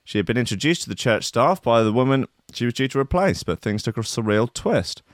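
A man's voice: medium pitch, animated, a little fast, no echo, clean studio sound. A man hosting a stream, reading a news story aloud and breaking in with sarcastic, incredulous asides. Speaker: stream host.

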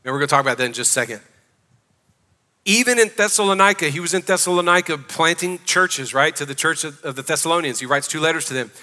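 A man's voice: fairly high pitch, lively intonation, fast talker, pushed and bright. A man preaching a sermon as pastor, emphatic and calling out to his congregation. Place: church sanctuary. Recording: long reverb of a church hall.

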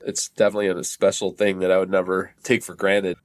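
Laid-back chatty man, lowish voice. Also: level tone, quick pace. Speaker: podcast guest, drummer. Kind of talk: casual chat. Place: on a train.

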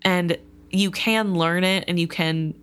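Low-voiced woman discussing a book. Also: fairly even intonation, slow pace, fairly bright tone, clear, resonant tone. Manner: thoughtful, analytical, laughs now and then. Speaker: book podcast co-host.

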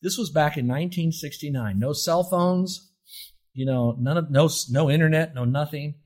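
An older man preaching a sermon as pastor, asking rhetorical questions and stretching key words slowly for emphasis. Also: a little high, darkish tone.

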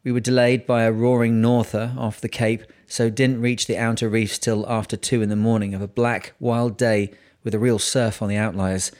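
A man with a low voice reads a seafaring memoir aloud. His delivery is steady and measured, telling the story without hurry. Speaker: audiobook narrator.

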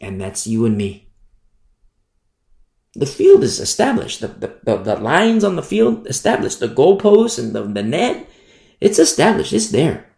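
A male preacher delivers a sermon in a loose, conversational style, often restarting phrases and dwelling on single words. His delivery rises and falls with lively shifts in pitch. The sound carries a roomy echo. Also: gravelly.

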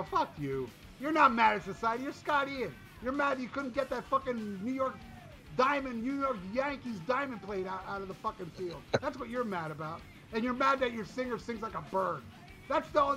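A man's voice: very high voice, lively intonation, normal speed, bright, forceful tone, soft background music. A man co-hosting a casual talk show, ranting and mocking with lots of swearing. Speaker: podcast co-host reviewing an album. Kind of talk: casual chat.

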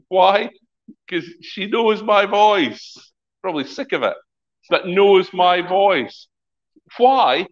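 A man's voice: sits high, takes it slowly, muffled recording. A middle-aged man, a pastor, preaching a conversational sermon and acting out the voices in his stories. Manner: lively, conversational preaching with acted-out quotes.

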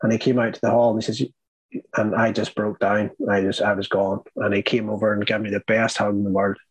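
A young Irish man with a low, husky voice tells his own story in an interview. He speaks earnestly and haltingly, restarting his sentences often. The sound is dry and close to the mic. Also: level tone, no room sound, poor audio. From Ireland. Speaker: guest.

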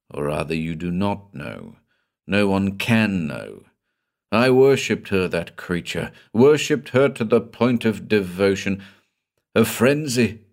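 A man voicing a guilt-ridden middle-aged doctor, speaking in an agitated, intense, confessional way. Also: on the low side.

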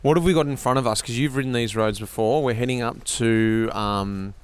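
A man's voice: medium pitch, a little fast, clear, resonant tone. A man hosting a cycling podcast outdoors, chatting upbeat with fellow riders along the route. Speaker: podcast host. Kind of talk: casual chat while cycling.

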